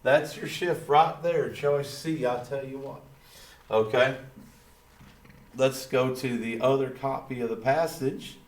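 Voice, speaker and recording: A man's voice: medium pitch, steady tone, lightly acted. A man doing a drawling folksy cartoon dad. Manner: slow Texan drawl, repeating catchphrases. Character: drawling, folksy, proud small-town dad. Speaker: teacher. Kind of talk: reading lesson in a cartoon dad voice. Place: classroom. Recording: roomy echo.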